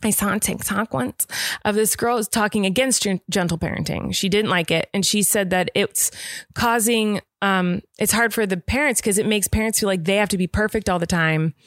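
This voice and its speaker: Woman, young adult, podcast co-host, casual chat, animated, dry recording. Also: medium pitch, dry recording. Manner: talkative, animated, quick asides.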